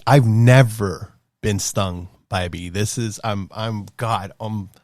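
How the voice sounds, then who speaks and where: A man in his thirties casually telling a rambling, animated story as a podcast host, acting out quotes in a higher voice. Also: slow, few pauses, dry recording, clean studio sound. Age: 30s.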